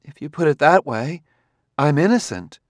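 A male audiobook reader voicing a distraught, fiery young woman in a high, indignant voice. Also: lively intonation, moderate pace, no echo, studio quality, lightly acted. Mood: pleading. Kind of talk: audiobook character voice.

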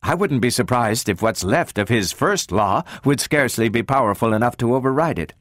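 Man doing a cold, exacting woman scientist, raised voice, lively lilt, dry close sound. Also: mid-range voice, brisk, dry recording, pitched above the performer's own voice, natural voice. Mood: cutting. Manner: cutting, precise, insistent. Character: sharp, cold woman robot psychologist. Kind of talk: audiobook character reading.

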